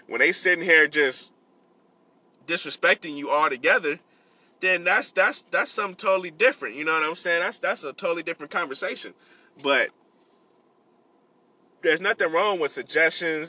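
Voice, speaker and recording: A man in his late twenties speaks in a loose, earnest way, circling back to his points and dropping street slang as he advises his followers. His voice sits a little high and sounds strikingly bright. He talks from a vehicle between delivery runs. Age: 20s. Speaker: vlogger giving life advice. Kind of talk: casual talk to camera between delivery pickups.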